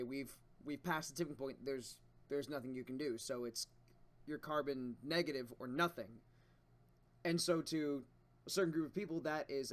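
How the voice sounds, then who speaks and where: A man hosting a casual reaction show from home, thinking aloud in long excited asides about a manga chapter. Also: mid-range voice. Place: a house with others at home.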